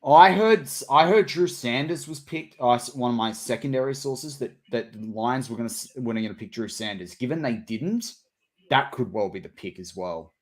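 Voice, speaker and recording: An Australian man co-hosting a live-stream watch party, musing out loud about draft picks in casual chat. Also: mid-range voice, normal speed.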